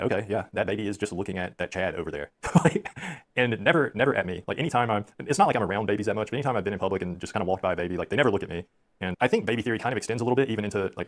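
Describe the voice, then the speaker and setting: Man in his thirties, rapid rambling anecdotes, low voice, self-deprecating. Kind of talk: storytelling on a stream.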